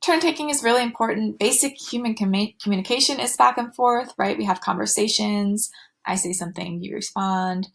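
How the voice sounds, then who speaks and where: A woman's voice: medium pitch, a little fast, gravelly. A woman teaching a recorded slide lecture, with fillers and restarts, going sing-song when she models talk to children.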